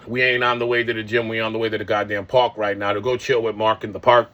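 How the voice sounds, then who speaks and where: A man's voice: lowish voice, little pitch movement, fast, few pauses, fairly bright tone, muffled recording. A man in his forties talks to his viewers in a casual vlog, rambling, swearing and full of slang. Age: 40s. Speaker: vlogger. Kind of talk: casual monologue.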